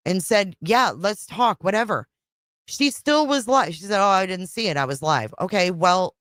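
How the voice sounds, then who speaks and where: A woman's voice: sits low, a bit bright, no room sound, clean studio sound. A middle-aged woman hosting a casual livestream chat, frustrated and rambling, repeating herself and swearing. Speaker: livestream host.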